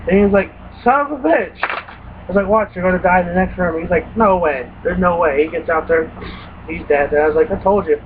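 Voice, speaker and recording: Animated young man, tinny recording. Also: high voice, fairly quick. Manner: profane, animated retelling with quoted reactions. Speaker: gaming vlogger. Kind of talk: casual rambling story. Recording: tinny phone-like recording with faint hiss.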